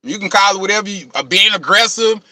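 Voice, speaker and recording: A man with a very high, sharp, bright voice delivers an impassioned motivational rant, thick with profanity. He keeps circling back to "man" and "you know what I'm saying." The recording is close and dry. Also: quick pace, dry recording. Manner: calls himself passionate, gets things off his chest.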